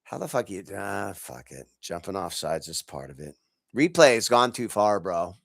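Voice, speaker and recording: A deep, creaky, sing-song voice at a moderate pace belongs to a podcast host ranting profanely about football. Congested from allergies, he sounds angry and exasperated and laughs in bursts; the studio-quality recording has no room sound.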